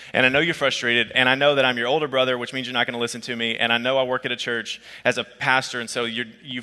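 A man preaching a sermon as a pastor, telling a personal story in a conversational, lively way. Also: mid-range voice, big-room sound. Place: church auditorium.

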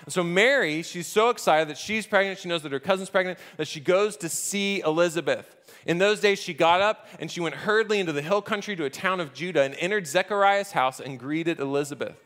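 A man preaching a sermon from a church stage in a conversational, animated way, acting out the scenes. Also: fairly high pitch, fairly quick. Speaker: pastor. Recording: echoey hall reverb.

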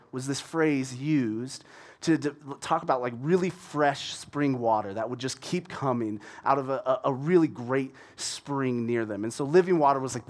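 A man giving a casual Bible teaching, animated as he retells the scripture in everyday words. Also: medium pitch.

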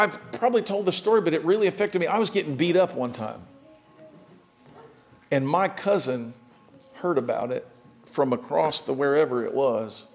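Animated male preacher, high-pitched. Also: creaky. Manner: animated preaching with dramatic swings in pitch and loudness. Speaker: pastor. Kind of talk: sermon.

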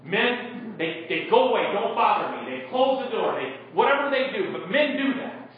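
A man's voice: very high-pitched, animated, normal speed, slight background noise. A male pastor preaching a sermon in a conversational way, acting out Bible characters and putting questions to the congregation. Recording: echoey room from far off, dull sound.

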